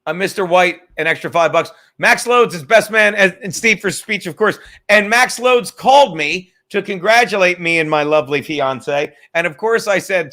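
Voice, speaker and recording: Telling a story on a laid-back livestream, this podcast host jokes, rambles, and swears without restraint. He speaks in a high, sharp voice, fairly quickly and with few pauses.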